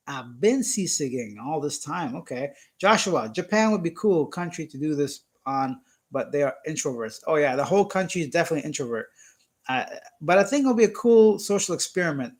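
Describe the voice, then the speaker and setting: A young man from Canada hosts a relaxed live stream, reading out comments from his viewers. His voice sits a little high for a man, and he keeps things playful and teasing, breaking into laughter often. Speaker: YouTube channel host. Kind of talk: casual live-stream chat.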